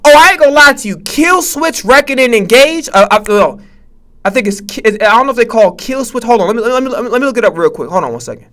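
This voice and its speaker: Male streamer, very high bright voice, profane stammering trash talk on a live reaction stream. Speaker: Twitch streamer.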